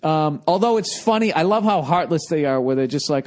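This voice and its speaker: A middle-aged man rambles through a casual podcast monologue. He swears freely and keeps breaking into quick impressions of the people he talks about. His voice sits slightly above the usual male range. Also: fairly high pitch, animated, a little mellow. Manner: profane, rambling, mimics people in goofy voices. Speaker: podcast host.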